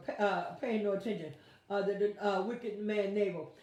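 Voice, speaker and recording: A woman pastor, teaching a lively Bible study with playful asides and acted-out quotes. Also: medium pitch, moderate pace. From United States. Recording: very echoey room.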